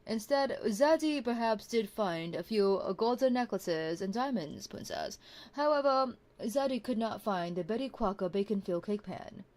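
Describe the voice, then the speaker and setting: A woman voicing a humble, devoted knight in a whispered role-play, speaking softly in formal, courtly address. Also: on the high side, animated, normal speed, close to an everyday voice. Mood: doting. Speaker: streamer.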